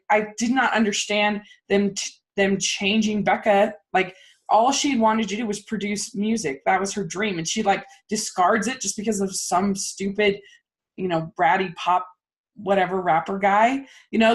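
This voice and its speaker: A young woman hosting a casual movie podcast, talking in an animated, ranting way with lots of fillers. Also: mid-range voice. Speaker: podcast host. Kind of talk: casual chat.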